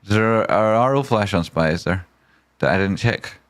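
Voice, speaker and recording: A man hosting a live trading stream, reading viewer messages aloud with excitable swearing and silly wordplay. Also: fairly low pitch, moderate pace. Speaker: trading livestream host.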